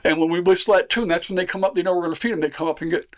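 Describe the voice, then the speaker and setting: Storyteller doing a higher, innocent-sounding country prankster; folksy drawl. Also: male voice, fairly even intonation, rapid-fire, close to an everyday voice. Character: sly deadpan rural man, fish prankster.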